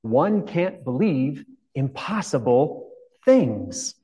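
A man's voice: fairly high pitch, very animated, very slow, warm tone, heavily acted. A man voicing a skeptical young girl from a storybook, speaking plainly. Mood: doubtful. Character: young girl, doubtful and matter-of-fact.

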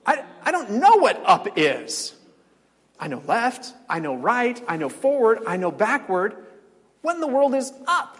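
A man's voice: very high-pitched, very animated, a little slow, breathy edge, pitched above the performer's own voice, exaggerated voice. A man voicing a bewildered two-dimensional male creature who keeps insisting he does not understand. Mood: baffled. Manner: baffled, insistent questioning. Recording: long hall reverb.

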